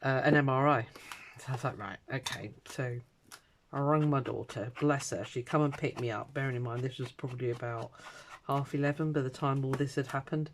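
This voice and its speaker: A woman's voice: extremely low pitch, brisk, a little hiss or hum. A middle-aged woman, rambling through a personal story in casual chat, acting out the voices of the people in it. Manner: rambling anecdotal storytelling, animated quoting. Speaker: crafting vlogger.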